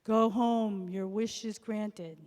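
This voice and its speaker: A woman voicing a magic talking fish, speaking slowly and gravely. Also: mid-range voice, fairly even intonation, darkish tone, lightly acted. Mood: grand. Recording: long hall reverb.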